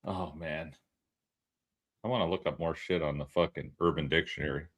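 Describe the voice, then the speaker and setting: A man's voice: a bass voice, fairly even intonation, moderate pace. A man co-hosting a podcast in casual, joking banter, swearing and laughing often. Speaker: podcast co-host.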